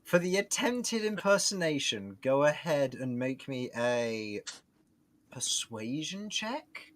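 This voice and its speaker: Give me a lively man as game master narrating a tabletop campaign. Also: fairly high pitch, slow pace. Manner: lively, laughs often while describing scenes.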